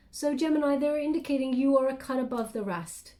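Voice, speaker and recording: A woman's voice: high voice, brisk, mellow. A woman giving a channeled tarot reading to camera, musing and hesitant, with many fillers and restarts. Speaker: tarot reader.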